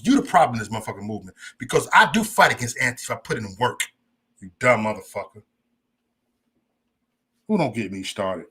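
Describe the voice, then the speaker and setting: Male livestream host, lively pitch, rambling and foul-mouthed, casual chat with viewers. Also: fairly quick, pauses often, husky. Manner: profane, loose and rambling, talks straight to chat.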